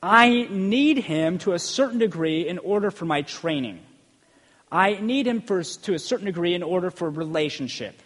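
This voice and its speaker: A man's voice: sits high, animated, moderate pace, a bit bright, in a large hall. A man preaching a sermon in a loose, conversational way, often checking in with "okay?" and building energy as he tells stories. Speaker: preacher and school PE teacher.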